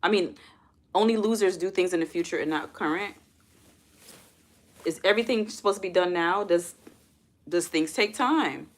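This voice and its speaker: A young adult woman hosts a casual livestream, chatting with viewers, calling them y'all and putting questions to her chat. Her voice is lowish, at normal speed, and she pauses often.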